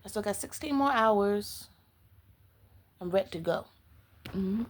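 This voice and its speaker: A woman's voice: mid-range voice, lively intonation, a little slow, poor audio. A woman book vlogger in casual, chatty talk with sassy asides, at home. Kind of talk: casual chat.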